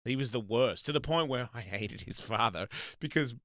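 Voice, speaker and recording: A man hosts a casual live stream, telling crude, rambling stories in a bright voice and acting out the people in them. The sound is dry, with little room echo. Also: mid-range voice, expressive, moderate pace. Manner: crude, rambling storyteller with loud quoted voices. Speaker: host.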